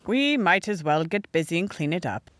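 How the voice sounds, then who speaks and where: A woman's voice: lowish voice, big pitch swings, normal speed, no echo. A woman reading the part of a kindly, dry-humored older handyman in an audiobook. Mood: wry. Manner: dry, matter-of-fact grumbling.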